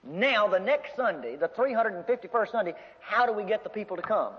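A man preaching a sermon in an animated, folksy storytelling manner with humor. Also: high-pitched, fairly quick. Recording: dull lo-fi recording in a reverberant hall.

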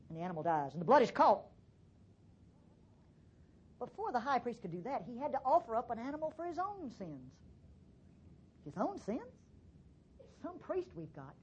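A woman preaching a sermon in the manner of a storyteller, with a lively voice that climbs and drops as she goes between hushed and loud passages. Her tone is husky, a little above the usual pitch, and the recording sounds dull and lo-fi. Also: normal speed, pauses often.

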